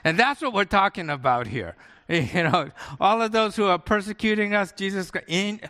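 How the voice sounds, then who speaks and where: A male pastor with a high, animated, sharp-toned voice preaches at a normal speed, telling stories conversationally and often checking in with his listeners. A long reverb from the hall trails his words.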